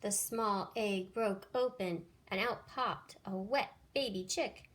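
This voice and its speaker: A woman teacher reading a children's picture book aloud with expressive storytelling. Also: mid-range voice, takes it slowly.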